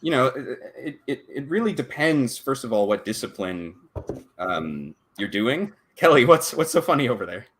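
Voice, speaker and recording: A man's voice: mid-range voice, sing-song, moderate pace, a bit bright. A man in his thirties on a live-stream panel, speaking in a thoughtful, anecdotal way with many fillers. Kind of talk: casual panel talk.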